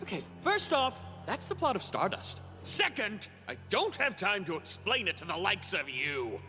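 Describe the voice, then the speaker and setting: Male actor: smug aristocrat in a parody cartoon, high, wildly swooping, hall reverb. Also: big pitch swings, normal speed, sharp tone, heavily acted. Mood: haughty. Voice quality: pompous, formal diction. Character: pompous young male noble, haughty and smug. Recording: reverberant with background music.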